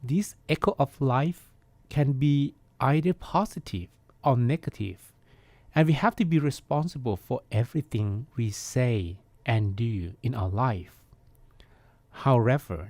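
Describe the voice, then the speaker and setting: Slow, calm monk teaching. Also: male voice, medium pitch, no echo. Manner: calm, measured, reflective. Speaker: Buddhist monk, podcast host. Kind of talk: meditation teaching talk.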